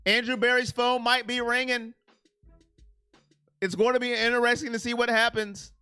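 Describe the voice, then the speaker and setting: A man hosting a casual live stream on sports, answering his viewers' chat by name in an animated, self-confessed emotional way. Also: very high voice, moderate pace, smooth, dry recording, faint music behind.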